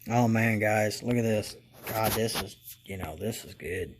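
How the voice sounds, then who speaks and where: A man hosting a casual hobby review video, talking slowly and rambling, getting excited and calling out to his viewers as guys. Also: fairly low pitch, a little hiss or hum. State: congested from allergies. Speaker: model railroad channel host.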